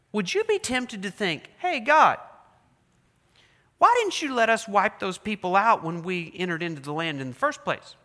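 Pastor, male, high bright voice, dramatic sermon delivery, reverberant sanctuary. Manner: preaching with dramatic voiced prayers, rising and dropping loudness.

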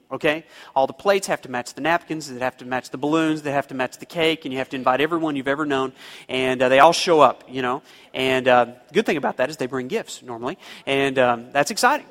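A man's voice: fairly high pitch, fairly bright tone, in a large hall. A man preaching a sermon, telling a homespun story and rising into emphatic pleas. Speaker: pastor.

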